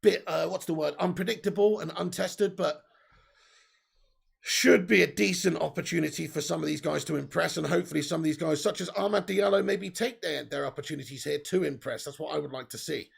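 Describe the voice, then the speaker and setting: Brief: male watch-along host, high-ish gravelly voice with a husky edge, casual, excitable. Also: fairly quick. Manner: excitable, casual, swears, reads out viewer messages. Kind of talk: live football watch-along commentary.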